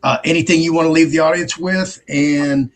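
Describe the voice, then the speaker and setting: A man's voice: fairly high pitch, steady tone, moderate pace. A man hosting a talk show, mostly giving short replies and then wrapping up in a hurry. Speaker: host.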